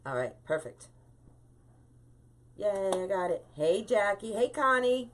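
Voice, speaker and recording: A woman's voice: mid-range voice, big pitch swings, slow. A talkative woman hosting a live-stream wreath-making tutorial, chatting with viewers and greeting them by name.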